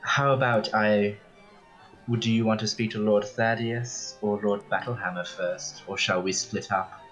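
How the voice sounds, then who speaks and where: A man's voice: lowish voice, steady tone, a little slow, a bit bright, faint music behind. A man voicing a brave, composed woman magician who speaks formally and courteously in a tabletop game.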